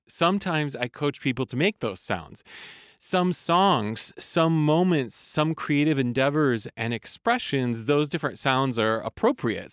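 A man in a voice lesson podcast speaks with a smooth, resonant tone in a dry, close recording. He explains each point calmly and in measured steps. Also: medium pitch, dry recording. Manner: calm, explanatory, demonstrates sung vowel sounds. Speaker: voice coach.

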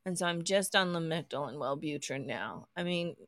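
Candid woman, low-pitched podcast talk. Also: moderate pace, dry recording, clean studio sound. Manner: candid, relaxed, speaks openly about personal experience. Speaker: podcast co-host. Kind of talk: casual podcast chat.

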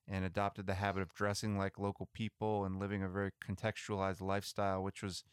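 A man co-hosting a podcast, chatting and retelling missionary history in a relaxed, conversational way with some restarts. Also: sits low, quick pace, clear, resonant tone, dry recording, clean studio sound. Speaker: podcast co-host. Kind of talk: casual storytelling about missionary history.

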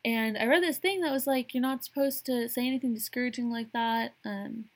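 A woman's voice: on the high side, brisk. A young adult woman hosting a casual solo podcast, rambling with lots of fillers and frequent laughs. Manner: rambling, frequent "like" and "you know", laughs often. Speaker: podcast host.

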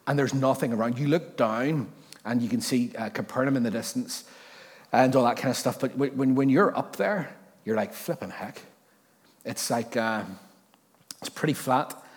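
A male pastor preaching at an ordinary middle pitch, his conversational delivery full of jokey asides and self-corrections. Every line trails off into the long reverb of a church hall. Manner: restarts and repeats words while thinking aloud. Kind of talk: sermon.

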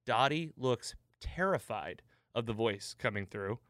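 A man's voice: mid-range voice, animated, unhurried, fairly bright tone, no room sound, studio quality. A man hosting a podcast, animatedly retelling a TV episode in casual chat and laughing at the jokes. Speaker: podcast host.

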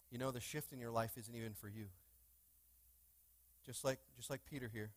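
A man's voice: medium pitch, fairly even intonation, moderate pace, pauses often, dry recording. A male pastor preaching a sermon in a church, with call-and-response questions to the congregation and fervent bursts. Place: church sanctuary.

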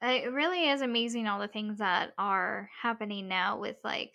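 Gravelly bright woman co-host. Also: mid-range voice, normal speed. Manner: supportive, laughs along, short agreeing replies. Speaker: podcast co-host. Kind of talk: casual chat.

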